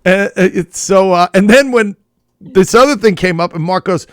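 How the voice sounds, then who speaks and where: High-voiced rambling man, laughing often. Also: normal speed, dry recording, clean studio sound. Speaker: comedian co-host. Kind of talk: casual chat.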